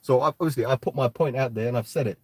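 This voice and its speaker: A man's voice: medium pitch, quick pace, husky, no room sound. A man hosting a live crypto talk, ranting bluntly and swearing, often tagging "right?". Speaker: crypto podcast host.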